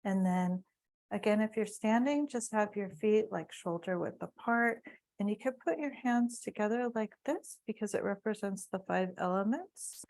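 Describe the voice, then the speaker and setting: A woman instructor slowly guiding a class through tracing calligraphy and spoken affirmations, with patient, step-by-step instructions. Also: medium pitch, vocal fry, a little mellow, poor audio. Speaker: wellness instructor. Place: wellness center session. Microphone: unplugged microphone, then plugged back in.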